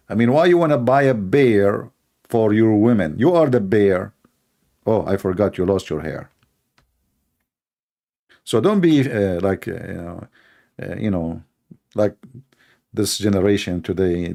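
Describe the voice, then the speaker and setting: A middle-aged man speaks English, hosting a sarcastic commentary show. His somewhat low voice has a gravelly edge, and he mocks his subject while laughing at his own jokes. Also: a little mellow. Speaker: show host. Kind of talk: mocking commentary.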